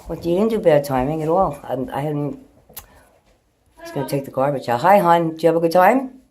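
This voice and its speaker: A woman's voice: low-pitched, fairly quick, mellow. A middle-aged woman vlogging from home, rambling loosely, swearing freely and chatting to her pets. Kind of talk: casual rambling chat to camera. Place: at home, indoors. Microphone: phone held in hand.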